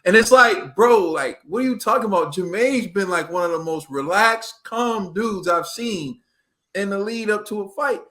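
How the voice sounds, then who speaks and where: A man co-hosting a casual boxing talk show, telling the story in an animated, slangy way and acting out quotes. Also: high voice, normal speed.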